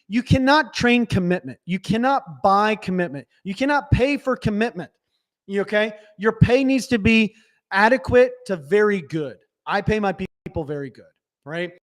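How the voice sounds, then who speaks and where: A man coaching small business owners on a live stream, direct and instructive, often checking in with "right?". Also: high voice. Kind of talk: live webinar teaching.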